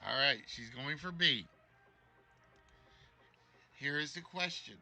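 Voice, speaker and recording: A man's voice: on the high side, takes it slowly, pushed and bright. A man hosting a live-streamed trivia game show, joking and teasing the contestant.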